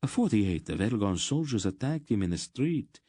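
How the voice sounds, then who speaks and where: A man's voice: fairly low pitch, very animated, normal speed, mellow, breathy edge, no echo, clean studio sound, pitched above the performer's own voice. A man voicing a frightened male merchant who means to hide and flee. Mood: fearful.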